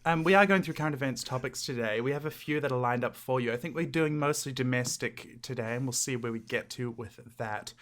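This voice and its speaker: A man co-hosting a podcast, chatting casually and joking between questions. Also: mid-range voice. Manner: joking, laughs often, quick bursts. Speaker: podcast co-host. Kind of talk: casual comedic chat.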